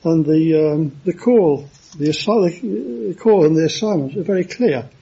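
A man preaching a sermon in a halting way, with many fillers and restarts. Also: a little high, expressive, vocal fry, mellow, husky, highs cut off.

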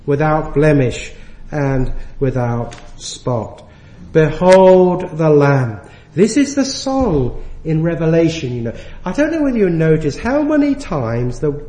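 A man delivers a sermon at an unhurried pace, leaning on key words as he goes. His voice sits fairly high. The sound carries the echo of a church hall. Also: a little mellow. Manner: earnest, slows and stresses key words. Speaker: preacher.

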